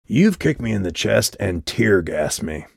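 A menacing, sneering clown-faced man with a low growl, played by a male audiobook narrator. His mocking lines sit deep and dry on a close mic. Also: sing-song, unhurried, gravelly, slightly rough, dry recording, exaggerated voice. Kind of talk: audiobook character voice.

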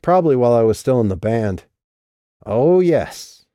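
A man reading an audiobook and voicing a sharp, sardonic woman who has been drinking. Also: mid-range voice, lively intonation, quick pace, clear, resonant tone, no room sound, clean studio sound, natural voice.

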